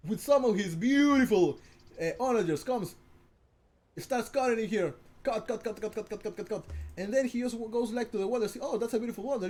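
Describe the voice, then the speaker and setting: Male game caster, high voice, casual commentary, giggly and prone to stammered restarts. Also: a little mellow.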